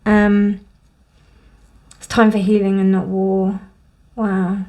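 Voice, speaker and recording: Warm, reassuring woman reading tarot. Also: mid-range voice, little pitch movement, slow. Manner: warm, reassuring, gently emotional. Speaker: tarot reader. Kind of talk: casual spoken tarot reading.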